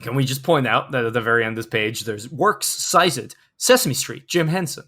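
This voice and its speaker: A man's voice: medium pitch, moderate pace, sharp tone. A man co-hosting a comedy podcast, reading fan fiction aloud and breaking into laughter as he goes. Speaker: podcast co-host.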